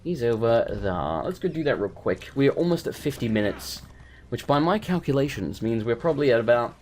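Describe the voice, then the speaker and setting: A man's voice: medium pitch, fairly quick, slight background noise. An English man with a cold, casually commenting on his gameplay, jokey and talking to himself. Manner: jokey, talks to himself, animated. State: has a cold. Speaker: let's play host.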